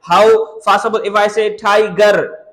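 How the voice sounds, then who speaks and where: A man teaching spoken English, talking energetically to viewers in halting phrases. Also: sits high, fairly bright tone, low-quality recording.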